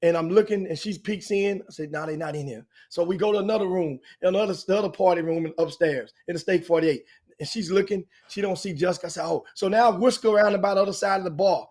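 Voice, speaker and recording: Older man, host, slightly high voice, loose storytelling, lots of restarts. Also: fast talker. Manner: animated, rambling anecdote with frequent restarts. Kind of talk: casual storytelling chat.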